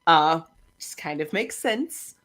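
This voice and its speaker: Bright, lively woman co-host. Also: low-pitched, slow. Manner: chatty, agreeable reactions. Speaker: podcast co-host. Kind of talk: casual chat.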